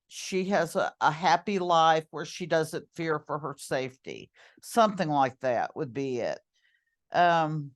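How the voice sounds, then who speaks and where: A woman teacher walking students through an online note-card tool, chatty and full of ums and self-corrections. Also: low voice. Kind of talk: screen-recorded lesson walkthrough.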